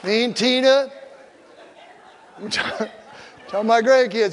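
A man's voice: very high-pitched, takes it slowly, long pauses, a faint crowd. An older man preaching a sermon as pastor, humorous, and he acts out little quoted exchanges. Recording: long hall reverb.

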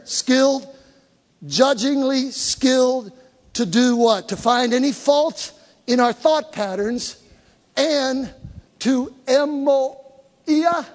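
A man preaching a sermon to a congregation, emphatic, repeating key words and drawing the crowd into call and response. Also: extremely high pitch. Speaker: pastor. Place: church hall with live congregation. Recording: long reverb of a large hall.

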